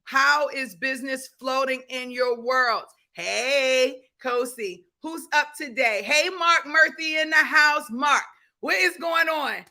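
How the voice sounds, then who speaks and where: A woman's voice: sits high, slow, sharp tone. A woman hosting a livestream business class, hyping up her viewers, greeting them by name and repeating her key points. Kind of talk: energetic livestream coaching.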